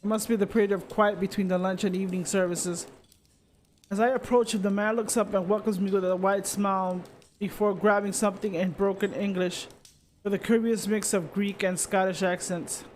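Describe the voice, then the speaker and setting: High-voiced man reading a story game. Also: normal speed, slight background noise. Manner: steady reading with small slips and restarts. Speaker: streamer.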